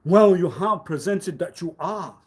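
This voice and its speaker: A man on a live stream delivering a rambling, accusatory monologue, swinging between loud outbursts and low muttering. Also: measured pace, husky. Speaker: livestreamer.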